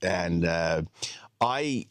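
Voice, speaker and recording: A man's voice: low-pitched, lively intonation, drawn-out words, no echo, studio quality. A comedian from Canada, a man, chatting casually and chuckling at himself. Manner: laid-back, chuckling, self-deprecating. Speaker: comedian guest. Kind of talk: casual chat.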